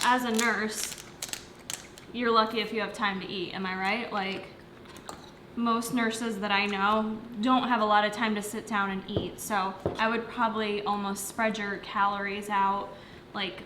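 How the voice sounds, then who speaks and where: A young woman, a fitness coach, chats casually on a livestream from her home near the kitchen, eating while she answers viewer questions with plenty of fillers. Her voice is mid-range, and the echoey room carries a noisy background.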